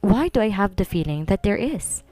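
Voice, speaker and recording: A woman voicing a concerned young male cousin who asks calm, probing questions. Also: mid-range voice, moderate pace, no echo, soft background music, natural voice.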